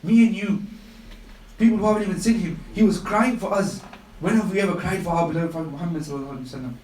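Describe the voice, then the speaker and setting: Male religious speaker with a high voice, impassioned and repetitive, live radio talk in a roomy space. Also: rapid-fire, far from the mic, slight background noise. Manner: impassioned storytelling with emphatic repetition. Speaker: Islamic speaker on a radio show.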